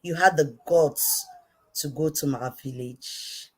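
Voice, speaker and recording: Low-voiced Nigerian woman ranting. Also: slow, breathy edge. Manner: repetitive, emphatic, swinging from quiet to shouting. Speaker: online commentator. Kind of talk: impassioned direct-to-camera rant.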